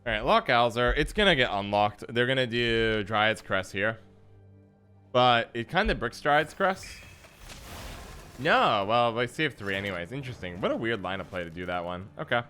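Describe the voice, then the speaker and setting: Streaming a card game, a man playfully chats with viewers and teases his opponents as he plays. His medium-pitched voice is animated, bright and forceful at a moderate pace. Soft music plays in the background.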